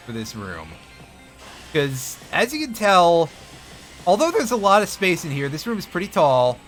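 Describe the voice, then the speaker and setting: A man's voice: high voice, wildly swooping pitch, moderate pace, a bit bright. A man streaming a video game live, giving wry, self-mocking commentary and talking to his chat as he plays. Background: faint game music.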